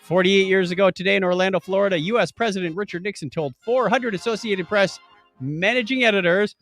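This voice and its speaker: A man's voice: high voice, brisk, a bit bright, soft background music. A man co-hosting a casual podcast, reading history notes and joking at his own slips. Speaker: podcast co-host.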